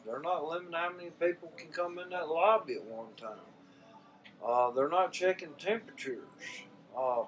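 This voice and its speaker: His voice is a little high, and the poor recording carries slight background noise. He's an older Southern US vlogger giving a heartfelt, casual talk to his viewers, rambling in a folksy way and repeating himself often.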